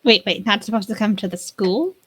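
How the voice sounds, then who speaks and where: A woman's voice: medium pitch, expressive, a little fast, fairly bright tone, a little hiss or hum, close to an everyday voice. A woman voicing a kind, fretful woman at a magic school who stammers and repeats her words. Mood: concerned. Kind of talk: tabletop role-play.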